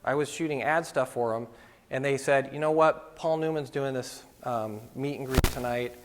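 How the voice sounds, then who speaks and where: Speaking at a moderate pace with a medium pitch, this middle-aged man tells stories to photography students and performs the quoted lines himself. The casual talk takes place in a school lecture hall whose long reverb trails every word.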